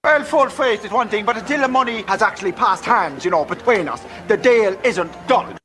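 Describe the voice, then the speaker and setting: A brash Irish dealer who haggles and swears like a salesman. His voice is high and leaps widely in pitch. Faint music plays behind him. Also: lively intonation, a little fast, bright, forceful tone. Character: fast-talking male dealer haggling over money, brash.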